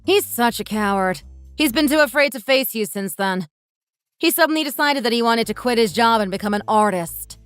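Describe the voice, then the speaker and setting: A woman's voice: a little high, lively intonation, normal speed, clear, resonant tone, no room sound, soft background music, natural voice. A woman voicing a sarcastic young wife who talks back bluntly to her mother-in-law in a texting-story drama. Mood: dismissive. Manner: sharp, mocking, blunt.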